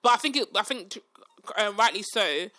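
A woman's voice: mid-range voice, animated, normal speed, sharp tone. A young woman in casual chat, giving firm opinions and often asking if she's understood. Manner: opinionated, keeps asking "do you know what I mean".

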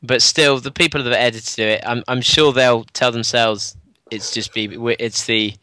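A man on a podcast telling a story in casual chat, animated, acting out the dialogue and laughing often. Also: mid-range voice, moderate pace, no room sound.

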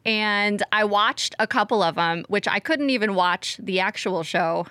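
A woman's voice: mid-range voice, unhurried, bright, forceful tone, no echo. A woman co-hosting a casual podcast chat, chatty and laughing lightly mid-sentence. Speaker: podcast co-host.

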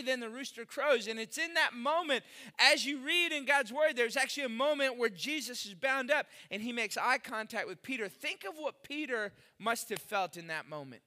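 A middle-aged male pastor preaching a sermon, animated and acting out the voices of the people in the story he reads. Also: extremely high pitch, moderate pace.

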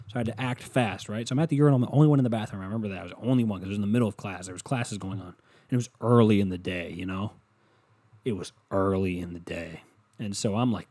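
A young man with a slightly low voice tells a rambling story in casual, foul-mouthed fashion. He mocks himself and keeps it loose and conversational throughout. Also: quick pace, a little mellow. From Ohio, USA. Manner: profane, rambling, self-mocking.

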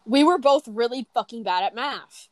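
A woman's voice: fairly high pitch, lively intonation, moderate pace, no echo. A teenage girl in casual chat, rambling and swearing, with many fillers and restarts. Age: teens. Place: bedroom.

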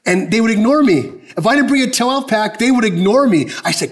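A man's voice: high voice, expressive, brisk, few pauses. A man preaching a sermon in a conversational, emphatic way, often asking the congregation direct questions. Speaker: pastor.

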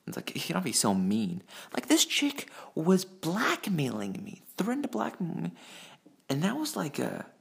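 Gravelly, animated man telling crude stories. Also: a little high, normal speed. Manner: rambling, crude, profane, with many fillers. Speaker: monologue storyteller. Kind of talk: rambling personal storytelling and crude jokes. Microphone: phone mic.

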